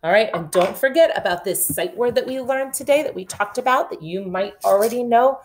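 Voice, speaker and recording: A woman teaching a remote kindergarten phonics lesson. She drills letter sounds slowly and deliberately, then reads a rhyme aloud in an encouraging sing-song. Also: a little high, a little hiss or hum.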